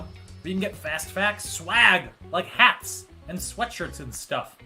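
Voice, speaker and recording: Hosting a live trivia show in a laid-back stream, this man has a fairly high pitch and a sharp tone. Between quiz answers he tosses in dry quips and side comments.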